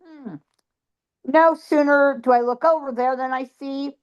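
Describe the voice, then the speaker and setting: A woman's voice: high voice, expressive, slow pace, lo-fi sound. A woman guest psychic telling ghost stories in an interview, emphatic, piling up repeated words for stress.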